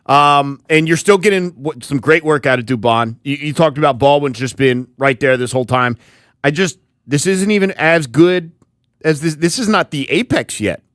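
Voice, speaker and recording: A man's voice: fairly high pitch, moderate pace, a bit bright, no room sound, clean studio sound. A man co-hosting a sports radio show, thinking aloud and often repeating words as he talks. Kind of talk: casual sports talk.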